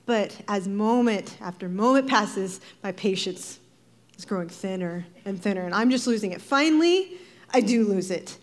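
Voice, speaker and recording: A woman giving a devotional talk, telling a personal story in a lively, animated way, acting out voices and laughing often. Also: medium pitch, moderate pace. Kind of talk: sermon-style personal storytelling.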